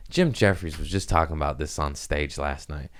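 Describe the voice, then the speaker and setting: Profane rambling comedian, deep voice. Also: male voice, normal speed. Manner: rambling, profane, laughs at own jokes. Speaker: comedian podcast host. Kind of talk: casual comedic monologue.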